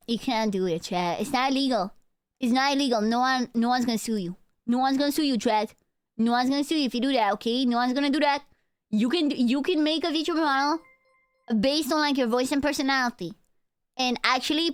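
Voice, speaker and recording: A woman's voice: on the high side, clear, resonant tone, no echo. A young woman VTuber streamer chatting casually and playfully with her chat on a close mic. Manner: playful, joking, talks to chat.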